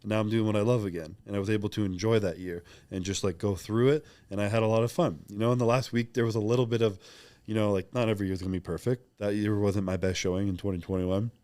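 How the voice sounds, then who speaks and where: Fast-talking low-voiced man, candid. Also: fairly even intonation, a little mellow. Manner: candid, reflective, acts out quoted talk. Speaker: podcast guest, pro bodybuilder. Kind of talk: casual interview talk.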